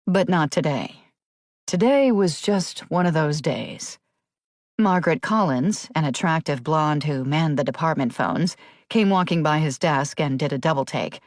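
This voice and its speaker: A woman narrating a crime thriller audiobook in a steady, measured read. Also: sits low, no room sound, clean studio sound.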